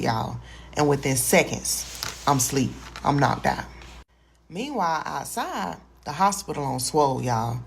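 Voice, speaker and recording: A woman's voice: sits low, creaky, slight background noise. A woman telling a personal story in a folksy, colloquial way. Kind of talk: casual storytime.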